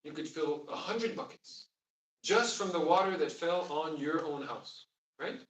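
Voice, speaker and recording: A man's voice: fairly high pitch, lively intonation, unhurried. A man teaching a class on the Arabic of the Quran, explaining patiently and asking the students questions. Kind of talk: classroom lesson. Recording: roomy sound from far off.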